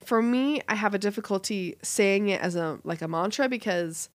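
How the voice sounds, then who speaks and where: A woman's voice: mid-range voice, normal speed, no room sound, studio quality. A woman co-hosting a parenting podcast, speaking in an earnest, reflective way. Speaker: podcast co-host. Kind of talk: casual chat.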